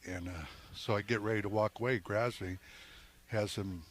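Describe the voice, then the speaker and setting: A man's voice: lowish voice, steady tone, normal speed. An older man, a former ballplayer, telling stories in a rambling way with many restarts during a live interview at an outdoor golf event. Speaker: former baseball player, guest.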